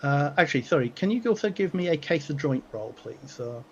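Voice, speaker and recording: A man narrating a tabletop game as game master, pausing often with fillers and restarts. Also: fairly high pitch, expressive, lo-fi sound, a little hiss or hum. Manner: halting, many fillers and restarts.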